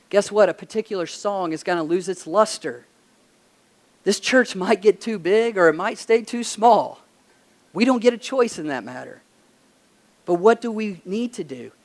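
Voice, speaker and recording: A pastor preaching a conversational sermon, telling stories and pressing emphatic questions. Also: male voice, sits high.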